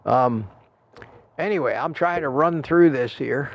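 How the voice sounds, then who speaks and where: Older male stream host, gravelly, chatty and meandering; muffled home-desk recording. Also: mid-range voice, measured pace, no echo. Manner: reads chat aloud, thanks viewers, rambling. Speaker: livestream host. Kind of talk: casual livestream chat.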